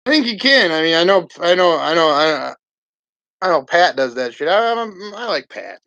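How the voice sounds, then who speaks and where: A man's voice: a little high, big pitch swings, moderate pace, gravelly, bright, forceful tone, dry recording, dull audio. Laid-back, profane man on a dry mic. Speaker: fantasy football show co-host. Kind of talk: casual livestream banter. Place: basement at home.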